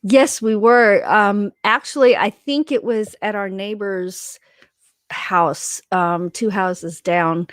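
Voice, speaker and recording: A woman's voice: medium pitch, no echo, clean studio sound. A woman co-hosting a casual livestream from her home, chatting and reading viewer comments aloud. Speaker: livestream co-host.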